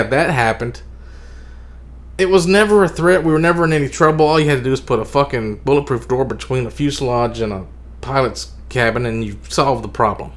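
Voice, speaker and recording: A man streaming a casual opinion rant, profane, rambling and sarcastic. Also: a little high.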